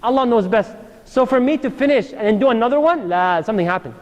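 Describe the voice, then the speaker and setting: A man's voice: very high-pitched, lively intonation, fast. A man giving a casual, joking sermon straight to a live crowd in a hall. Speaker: Islamic lecturer. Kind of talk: lively sermon to a live audience. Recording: long hall reverb.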